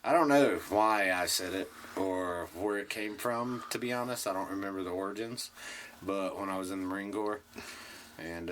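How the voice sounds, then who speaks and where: A man co-hosting a casual podcast, joking crudely in slow, drawn-out talk. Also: fairly low pitch, a bit bright, a little hiss or hum. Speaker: podcast co-host. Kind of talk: casual chat.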